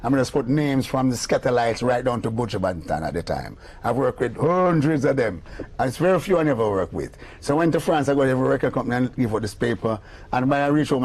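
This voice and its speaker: An older music producer with a Jamaican accent, telling animated anecdotes in an interview and acting out the voices of the people in them. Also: male voice, mid-range voice. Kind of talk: storytelling interview.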